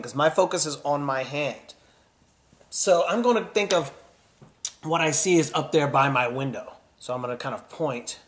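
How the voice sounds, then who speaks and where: Encouraging male drama teacher. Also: fairly high pitch. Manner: gentle, encouraging, demonstrative. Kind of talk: children's drama lesson.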